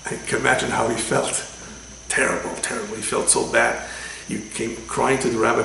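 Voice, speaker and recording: A man, a rabbi, giving a religious lecture with animated storytelling and sudden loud quoted lines. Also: medium pitch, normal speed, vocal fry, pauses often, slight background noise. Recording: echoey room with faint ambience.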